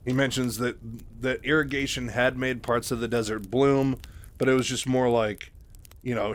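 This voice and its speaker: Guy rambling through a book recap, lots of likes and uhs, mid voice. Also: medium pitch. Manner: rambling, many fillers and asides. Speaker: narrator retelling a novel. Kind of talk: casual story retelling.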